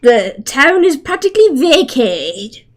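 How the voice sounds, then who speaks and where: A woman's voice: high voice, very animated, a little slow. A woman running a tabletop game as game master, narrating in a casual, giggly, rambling way.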